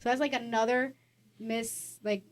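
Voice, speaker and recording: A woman's voice: a little high, steady tone, moderate pace. A middle-aged woman co-hosting a podcast, talking in a rambling, casual way with lots of "like"s. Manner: rambling, filler-heavy, with many "like"s. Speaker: podcast co-host. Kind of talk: casual chat.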